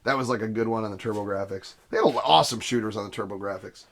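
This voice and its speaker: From his basement studio at home, a man hosts his gaming vlog on a desk camera setup, rambling, cutting himself off, and laughing a lot. His voice is on the low side, quick, creaky, and fairly bright.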